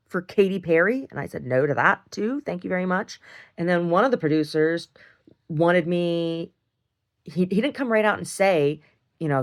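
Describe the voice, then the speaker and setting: A woman, probably in her thirties or older, telling a frank, animated story in a casual video diary, full of "like" and "right?". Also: low voice. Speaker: video diarist. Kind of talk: casual monologue.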